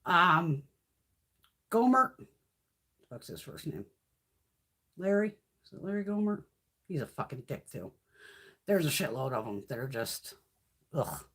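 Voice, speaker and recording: A woman's voice: low voice, big pitch swings, a little slow, pauses often, a bit bright, husky. A woman hosting a casual live stream, ranting bluntly and profanely, reacting to chat comments as she goes. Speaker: beauty livestream host.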